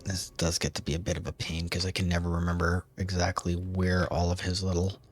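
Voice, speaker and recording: A male gaming streamer with a deep, low voice, walking viewers through his play in a relaxed, chatty way. He makes dry, wry asides and pads his talk with fillers. A faint noise sits behind him. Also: fairly quick. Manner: relaxed, chatty, frequent "um" and "basically". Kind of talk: casual gameplay commentary.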